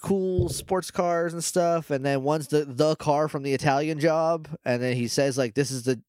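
Guy cohost recapping a movie, jokey and rambly, kinda high voice, dry mic. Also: darkish tone, smooth, no room sound. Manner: rambling, jokey, acts out film lines in quick quoted voices. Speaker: podcast co-host. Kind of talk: casual movie recap chat.

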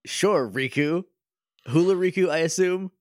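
A man's voice: fairly high pitch, measured pace, a little mellow, no echo, studio quality. A man co-hosting a podcast, making wry jokes and asking puzzled questions in casual chat. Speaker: podcast co-host.

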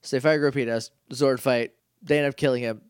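A man's voice: mid-range voice, steady tone, a little fast, smooth, no room sound, clean studio sound. A man co-hosting a podcast, casually recapping a TV episode, rambling with many restarts. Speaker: podcast co-host.

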